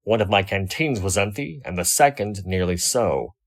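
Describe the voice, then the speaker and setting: A man reading a first-person fan fiction story aloud, wry and expressive. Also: on the low side, moderate pace. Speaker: audiobook reader.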